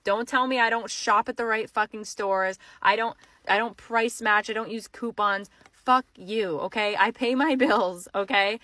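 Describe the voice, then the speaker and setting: A woman's voice: medium pitch, unhurried, sharp tone, no room sound, recorded from a distance. A woman venting in a profane, exasperated rant about bills. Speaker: TikTok poster.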